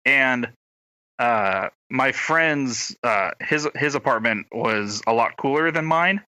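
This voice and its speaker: Young male co-host, meandering and self-deprecating, headset mic. Very bright tone, dry room. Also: mid-range voice, animated, slow, no room sound, rough recording. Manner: rambling, self-deprecating, trailing off with fillers. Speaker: podcast co-host. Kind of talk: casual chat. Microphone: gaming headset.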